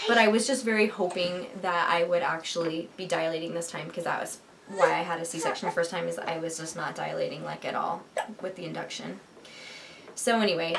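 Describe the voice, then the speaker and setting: A woman's voice: lowish voice, vocal fry, fairly bright tone, a little hiss or hum. A young woman casually telling the story of giving birth, rambling with lots of fillers and restarts. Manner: rambling, many fillers and restarts, emotional retelling.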